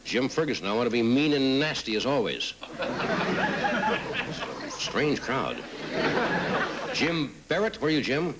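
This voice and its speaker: Wry talk show host with a roaring audience. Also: male voice, medium pitch, big pitch swings, a little slow, long pauses, crowd noise, noisy background. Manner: wry, teasing quips. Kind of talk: reading audience cards with jokes. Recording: old TV broadcast with loud audience. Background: studio audience laughing.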